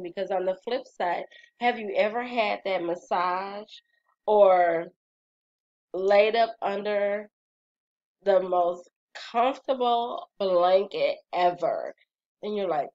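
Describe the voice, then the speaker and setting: A woman, talking casually to her viewers about calming down, chatty and sassy. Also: mid-range voice, muffled recording. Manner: chatty, sassy, laughs and sighs often. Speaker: vlogger. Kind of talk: casual wellness talk.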